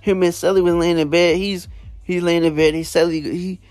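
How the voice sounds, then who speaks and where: A man's voice: high voice, little pitch movement, moderate pace, darkish tone, no echo. A man casually retelling prison stories, rambling with lots of fillers and slang. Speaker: storyteller.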